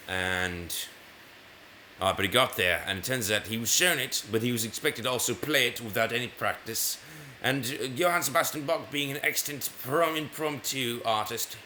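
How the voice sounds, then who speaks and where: Rambling man, bright voice. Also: medium pitch, slight background noise. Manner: rambling, self-correcting. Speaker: gaming video host. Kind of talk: rambling commentary over gameplay.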